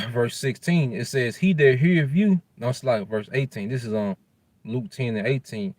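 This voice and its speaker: A man's voice: mid-range voice, normal speed, a little mellow, no echo. A man giving an informal scripture lesson. He uses loose street slang, tags "man" onto nearly every phrase, and stumbles while looking up verses. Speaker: religious teacher.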